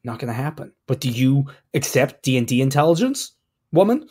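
A man co-hosting a podcast in casual chat, reading things aloud with a blunt, wry, deadpan delivery. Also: medium pitch, fairly quick, breathy edge. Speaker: podcast co-host.

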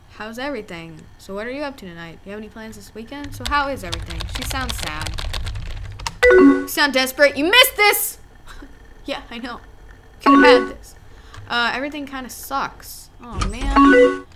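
A woman commenting on a game and reading its chat lines aloud, often squealing and laughing as she reacts. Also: fairly high pitch. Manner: animated, squealing and laughing at the story. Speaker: let's play gamer. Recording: loud music behind the voice.

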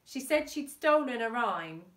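A woman voicing a fussy, eccentric spinster aunt who talks in a high, gushing, theatrical way in a storybook reading, recorded in an echoey room on a distant mic. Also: lively intonation, a little slow, fairly bright tone.

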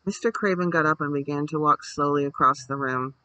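A man reading a bedtime story aloud in a steady, measured way. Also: fairly high pitch, no room sound, low-quality recording.

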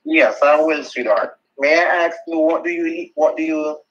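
A man's voice: fairly high pitch, normal speed, fairly bright tone. A man on a phone call who talks in a cloying, sweet-talking way, repeating pet names. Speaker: phone scammer.

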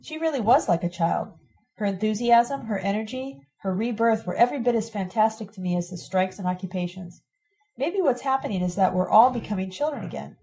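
Mellow-voiced woman reading a novel. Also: mid-range voice, a little fast. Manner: calm, steady narration. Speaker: audiobook reader. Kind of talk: first-person novel reading.

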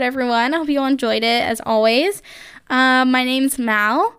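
A woman's voice: high voice, moderate pace, a bit bright, clean tone, no echo, studio quality. Chatty young woman podcast host. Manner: chatty, gushing, heavy use of like and um. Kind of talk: casual solo podcast chat.

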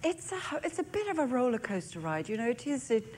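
A woman's voice: fairly high pitch, sing-song, quick pace, darkish tone, a little hiss or hum. An older woman with an English accent, a talk show guest who is self-mocking and laughs often. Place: TV studio with audience.

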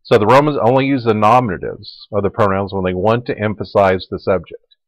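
A man giving a recorded Latin lecture, explaining grammar in a relaxed way and repeating word forms aloud. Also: lowish voice, brisk, no echo, dull audio. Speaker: Latin teacher.

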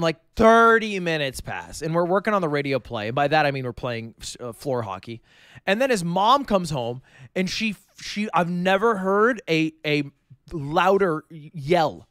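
A man's voice: a little high, big pitch swings, normal speed, fairly bright tone, clean tone, no echo, studio quality. A young man in his twenties, a streamer casually telling a joking story with plenty of swearing.

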